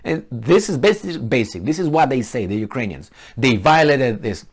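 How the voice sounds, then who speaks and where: A man's voice: mid-range voice, lively intonation, slightly rough. Man with a delivery commenting on news. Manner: halting, many fillers and restarts, grows heated and sarcastic. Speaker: commentator reading news aloud. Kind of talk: casual spoken commentary on news articles.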